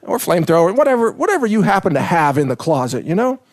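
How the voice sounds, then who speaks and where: A man's voice: high voice, very animated, quick pace, no room sound, studio quality. A man hosting a preparedness talk from Texas, casual, rambling and joking between tips. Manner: rambling, joking, self-promoting. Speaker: preparedness show host.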